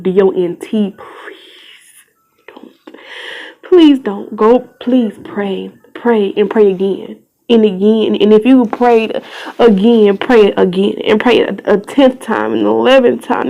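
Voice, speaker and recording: A young woman shares a raw personal testimony in an earnest, pleading way, her voice often tearful and sometimes dropping to a whisper. Her voice has a gravelly, creaky texture at a middling pitch. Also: darkish tone, rough recording. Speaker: vlogger.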